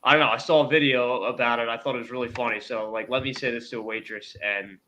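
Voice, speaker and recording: Guy on a sports podcast with a bright edgy voice rambling through a joke. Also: mid-range voice, fairly even intonation, fast. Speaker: podcast co-host. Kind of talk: casual sports podcast banter.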